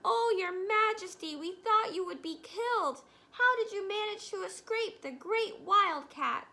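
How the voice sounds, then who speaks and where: A woman voicing a chorus of frightened little field mice, shrill and excited, for a storybook reading. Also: unhurried, heavily acted. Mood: alarmed.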